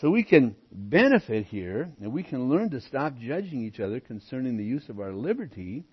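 Husky-voiced man preaching an expository sermon. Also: medium pitch, dull audio. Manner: emphatic, often drops to quiet asides. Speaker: pastor. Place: church.

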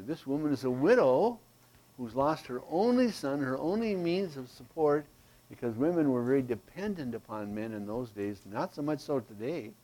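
A man preaching a sermon, teaching verse by verse in a slow, emphatic way and checking in with "Okay?". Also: mid-range voice, darkish tone, low-quality recording. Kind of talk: expository sermon.

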